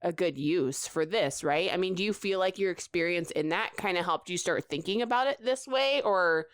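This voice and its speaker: A woman's voice: fairly low pitch, moderate pace, smooth, no room sound, studio quality. A woman from Nebraska hosting a podcast, asking her guests questions in a giggly, curious way. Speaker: podcast host. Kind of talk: casual interview.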